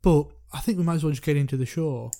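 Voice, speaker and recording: Brief: podcast host, mellow and dark-toned, easygoing delivery. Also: mid-range voice, fast. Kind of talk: casual film podcast chat.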